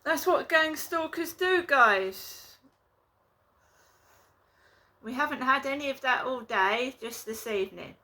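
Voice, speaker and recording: Bright-voiced woman vlogging from home. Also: sits high, animated, slow, long pauses. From England. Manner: rambling and indignant. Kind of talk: casual vlog talk to camera. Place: her flat, indoors.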